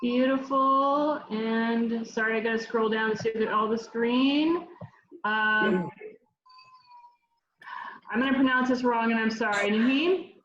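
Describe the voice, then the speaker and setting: A woman calling the roll at an online meeting, drawn-out and apologetic, on a muffled call with faint noise. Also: a little high, reverberant. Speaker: board secretary calling roll. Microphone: video call.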